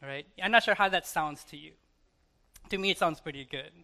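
A man in his thirties with an American accent, preaching a sermon in church in a conversational way, with dramatic pauses and soft asides. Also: on the high side, gravelly. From United States. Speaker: pastor.

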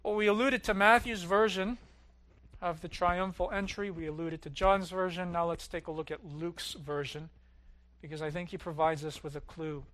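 A man preaching a sermon as pastor, swelling loud on key lines and dropping low and quiet at others. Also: fairly even intonation, normal speed.

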